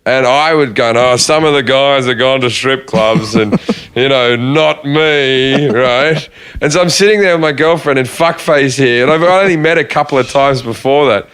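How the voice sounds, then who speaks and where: A man's voice: mid-range voice, fairly bright tone, smooth. A podcast co-host in casual chat, joking and laughing as he tells his story. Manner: joking, laughing, quick retorts.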